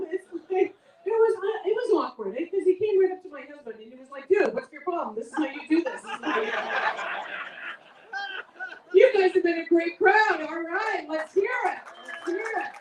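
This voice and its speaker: A woman in her thirties hosting a comedy show, telling stories in animated bursts with laughs. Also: high-pitched, echoey room, recorded from a distance, noisy background. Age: 30s. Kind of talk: stand-up comedy.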